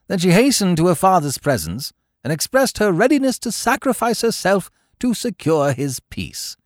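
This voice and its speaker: A man narrates a classic tale in a theatrical storytelling manner. His pitch rises and falls dramatically from phrase to phrase. The recording is close and dry. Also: no echo. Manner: theatrical, highly animated storytelling. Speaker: podcast host and reader.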